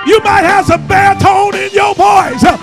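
An older man preaching a fiery church sermon, shouting and laughing as he urges the congregation to answer him. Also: extremely high pitch, moderate pace, music in the background. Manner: shouting, urging the congregation with call-and-response and frequent laughs. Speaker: pastor. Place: church sanctuary.

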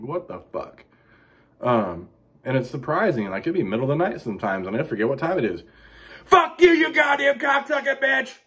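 A middle-aged man delivering a crude, rambling comic monologue as a vlog host, profane with deadpan asides. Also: mid-range voice, slightly rough.

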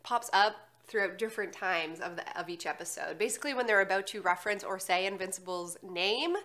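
Woman, co-host, nasal stuffed-up voice, chatty, bright and forceful. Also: medium pitch, brisk. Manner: chatty, upbeat storytelling. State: congested from allergies. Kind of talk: casual chat.

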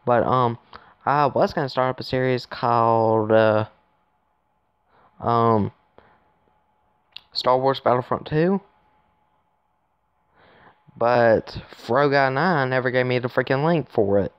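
A man's voice: mid-range voice, slow pace, pauses often, smooth, dry recording, lo-fi sound. A man giving rambling, casual commentary to his viewers while playing a phone game, recorded on his phone. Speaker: gaming YouTuber.

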